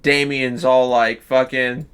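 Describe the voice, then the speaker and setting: A man streaming live, pitching a story in loose casual chat, swearing freely and restarting sentences. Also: flat delivery, takes it slowly, a bit bright, clean tone. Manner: profane, loose, full of fillers and restarts.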